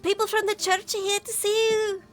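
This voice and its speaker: A woman voicing an eager little farm girl who shouts for her father. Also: very high-pitched, flat delivery, moderate pace, soft background music, voice pushed up. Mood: excited.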